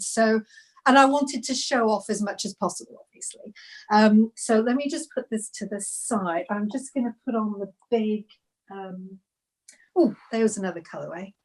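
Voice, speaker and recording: A woman knitwear designer chatting on a video call, gushing and rambling with lots of restarts. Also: on the high side. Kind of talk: casual live video chat.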